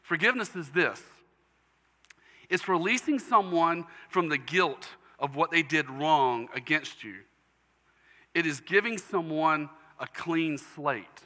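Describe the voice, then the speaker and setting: Bright-voiced male preacher in a reverberant hall. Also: on the high side, lively intonation, takes it slowly. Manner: earnest storytelling preacher, emotional at times. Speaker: pastor. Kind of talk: sermon.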